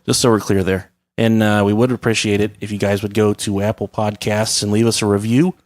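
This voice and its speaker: A man's voice: lowish voice, level tone, fairly quick, darkish tone. A man hosting a podcast in casual, crude comedy chat, joking irreverently and reading articles aloud with asides. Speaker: podcast host.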